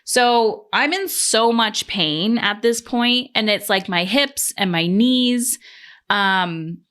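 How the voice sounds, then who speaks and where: A woman's voice: on the high side, takes it slowly, fairly bright tone. Candid woman host telling a story. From Canada. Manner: candid, swearing, acts out quoted voices. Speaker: podcast host. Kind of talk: casual storytelling monologue.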